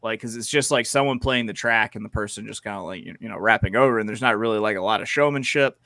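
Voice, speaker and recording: Bright, dry-voiced male podcast co-host. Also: on the low side, fast talker, dry recording. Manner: animated, emphatic, with frequent fillers and restarts. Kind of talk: casual chat.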